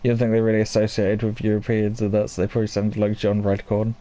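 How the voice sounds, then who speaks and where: A man's voice: fairly low pitch, completely flat delivery, fast talker, warm tone. A man casually musing aloud while commenting on a video game, rambling and laughing at himself. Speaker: gaming streamer. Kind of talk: casual commentary over gameplay. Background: game music.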